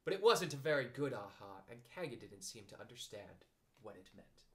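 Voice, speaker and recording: A man reading a children's storybook aloud as narrator, in gentle, expressive storytelling. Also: mid-range voice, normal speed.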